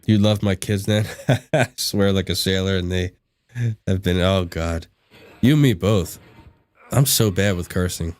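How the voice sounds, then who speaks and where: A man hosts a live game stream and chats loosely with his viewers while he plays. His voice sits low, and he laughs easily and often. He replies to the chat as he goes. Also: unhurried, darkish tone, soft background music. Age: adult. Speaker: livestream gaming host. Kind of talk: casual chat while gaming.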